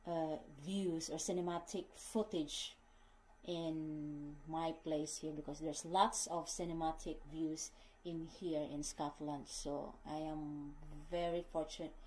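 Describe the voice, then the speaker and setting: A woman's voice: low voice, flat delivery, slow, darkish tone, slight background noise, low-quality recording. A woman with a Filipino accent, chatting casually to camera as a vlogger and often calling her viewers "guys" as she corrects herself mid-sentence. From Philippines.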